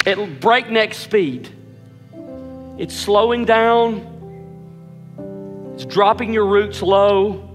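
A man preaching a sermon as pastor, repeating rhetorical questions, swelling to emphatic peaks and then dropping soft. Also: high voice, in a large hall.

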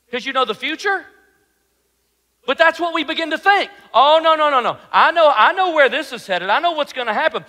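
Man, pastor, sermon; very high, bright voice, rhetorical, long hall reverb. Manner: animated preaching, rhetorical questions, drops to a soft low voice.

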